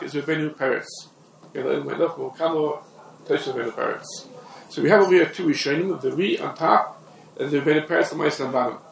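A man's voice: fairly high pitch, creaky. A man teaching a text-study class on religious law, rambling through his points and repeating and restarting phrases. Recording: echoey room, distant mic, faint background noise.

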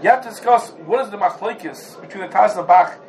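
High-voiced man giving a Talmudic lecture. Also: fast, slight background noise, poor audio. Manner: animated, repeats and restarts, rhetorical questions. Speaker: Torah teacher.

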